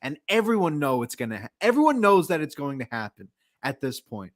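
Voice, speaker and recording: A man's voice: fairly high pitch, very animated, a little fast. A man casually recapping a wrestling match, telling it as a story, acting out quotes and laughing often. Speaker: podcast co-host.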